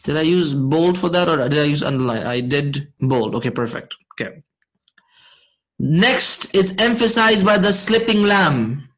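A man teaching a class, explaining slowly and checking in with his students often. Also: fairly high pitch, animated, fairly bright tone, low-quality recording. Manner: slow, deliberate explaining. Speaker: Arabic grammar teacher.

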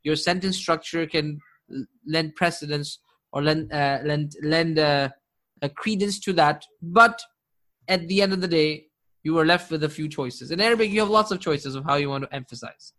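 A man's voice: a little high, a bit bright. A man teaching an Arabic grammar class, explaining terms in English and checking in with his students again and again. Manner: quizzing students with frequent "right?" and "correct?"; recites Quranic verses quickly in Arabic. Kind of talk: classroom lecture.

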